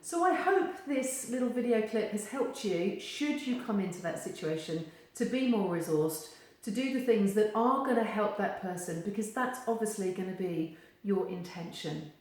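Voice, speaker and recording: Woman, animated advice video, acts out quoted voices, mid pitch, very echoey room. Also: moderate pace, few pauses. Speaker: therapist giving advice. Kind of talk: direct-to-camera advice video.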